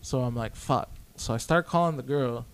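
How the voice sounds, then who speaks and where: A young man guesting on a podcast casually relates a long story, cursing along the way and acting out both parties, quoting himself often. The voice is medium in pitch with a clean tone, delivered at a moderate pace.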